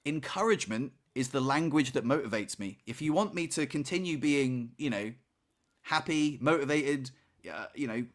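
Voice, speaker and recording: A man's voice: mid-range voice, animated, moderate pace. A man co-hosting a podcast, chatting casually and telling a story with lots of "you know" and "right?" asides. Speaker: podcast co-host. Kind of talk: casual chat.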